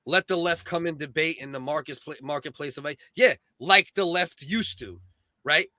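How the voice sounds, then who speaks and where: A man's voice: on the high side, normal speed, pushed and bright, no room sound. A man co-hosting a casual chat, earnest and rambling, with many restarts. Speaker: podcast co-host.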